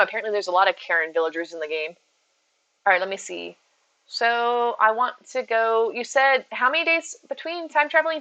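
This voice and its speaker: Bright chatty woman streaming from home, talks back to chat nonstop. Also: mid-range voice, low-quality recording. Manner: chatty, reads out and answers viewer messages. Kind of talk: casual live-stream chat. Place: at home with her cats.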